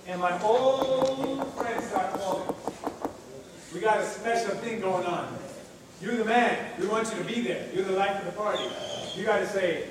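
A man's voice: high-pitched, normal speed, slight background noise. A man preaching a sermon with fervor, acting out prayers and the voices of others as he speaks. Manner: fervent, acts out prayers and voices. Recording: echoey hall with faint ambience.

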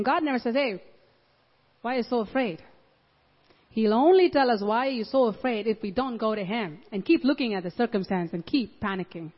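A woman's voice: fairly high pitch, brisk. A woman preaching a sermon, telling stories and acting out the voices of the people in them. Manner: animated storytelling, acts out the voices. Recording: dull audio in a large reverberant hall.

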